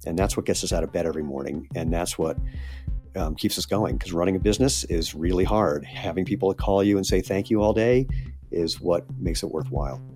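A man's voice: low-pitched, brisk, a little mellow, faint music behind. A middle-aged man, a shoe company founder, talking candidly and earnestly as a guest on a podcast interview. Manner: candid, earnest, gets choked up.

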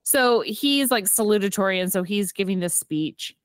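Woman, podcast co-host, lively pitch, acts out characters' lines, dry close sound. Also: normal speed, clear, resonant tone, no room sound. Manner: animated retelling, acting out characters' lines; frequent "like" fillers and laughter. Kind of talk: casual movie recap chat.

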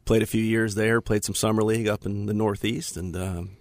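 A man in his forties from Florida, a podcast guest with a booming radio-style voice, relaxed and self-deprecating in casual chat. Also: a little fast, no room sound.

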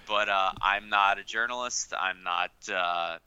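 A man co-hosting a podcast over a remote call, telling a rambling story with halting restarts. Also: sits low, sharp tone, clean tone, no room sound, highs cut off. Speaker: podcast co-host. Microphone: remote call setup.

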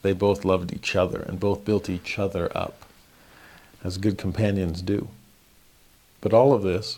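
Man teaching scripture, lively storyteller. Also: low-pitched. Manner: animated, acts out the dialogue in quick voices. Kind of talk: casual scripture lesson.

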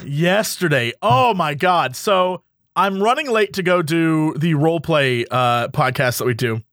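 A man co-hosting a casual comedy podcast, animated and jokey, sliding into silly voices. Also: a little high, unhurried, no room sound, clean studio sound. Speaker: podcast co-host.

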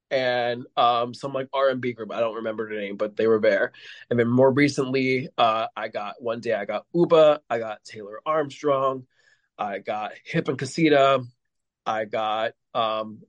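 A man's voice: medium pitch, no room sound. A man, a podcast guest, telling rambling stories in casual chat with lots of fillers. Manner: rambling storyteller, heavy with fillers.

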